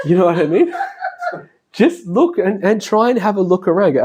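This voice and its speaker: A man's voice: high-pitched, lively intonation, moderate pace, a little mellow, breathy edge. A middle-aged man giving a casual spoken lecture, chatting, laughing often and acting out the voices of family members. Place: classroom.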